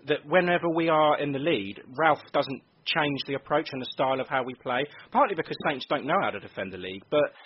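A man hosting a football podcast in casual chat, chatty and asking questions with quick asides. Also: a little high, animated, slightly rough. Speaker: podcast host. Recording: dull lo-fi audio with faint noise.

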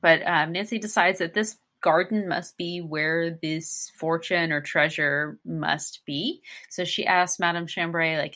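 A woman's voice: fairly low pitch, steady tone, a little slow, hardly any pauses, sharp tone. A woman co-hosting a podcast, retelling a mystery plot in a wry, matter-of-fact way. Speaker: podcast co-host. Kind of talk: casual book discussion.

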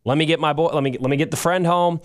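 Fast-talking smooth-voiced male podcaster. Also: a little high, steady tone. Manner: rambling, self-correcting storyteller. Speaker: podcast co-host. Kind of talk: casual storytelling chat.

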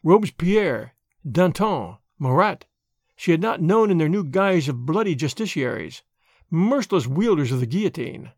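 A man narrating a classic novel with an expressive, dramatic reading. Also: fairly high pitch, normal speed, no echo, clean studio sound. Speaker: audiobook reader.

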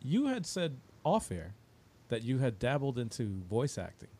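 A man's voice: medium pitch, huge pitch swings, normal speed, dark tone, no echo. A man hosting a casual interview, asking rambling questions with fillers. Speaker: podcast host.

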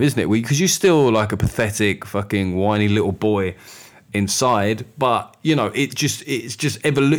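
A middle-aged man hosting a podcast, talking candidly in a sweary, rambling way. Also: mid-range voice. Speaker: podcast host. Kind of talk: casual monologue.

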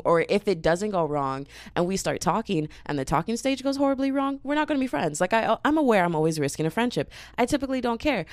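Young woman vlogger chatting a storytime, lowish voice, dry close sound, slangy and animated. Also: clear, resonant tone, dry recording. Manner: animated, swearing, slangy, laughing often. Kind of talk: casual storytime chat.

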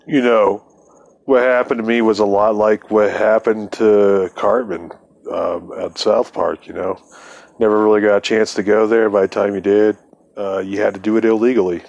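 A man telling a casual, profane story in a laid-back way, often chuckling. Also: on the low side. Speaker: podcast storyteller.

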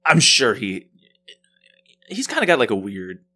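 Animated man cracking jokes. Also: medium pitch, slightly rough. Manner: joking, quick wisecracks. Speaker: podcast co-host. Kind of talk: casual chat.

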